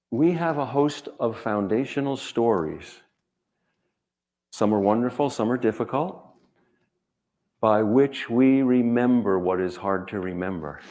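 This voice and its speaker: A man, an author, speaking gently and reflectively in short measured phrases, then reading his own writing aloud. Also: lowish voice.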